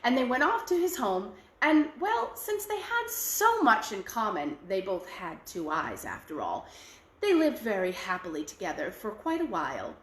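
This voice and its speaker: A woman storyteller for a library, reading a fairy tale aloud in an animated, expressive way. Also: fairly high pitch, echoey room.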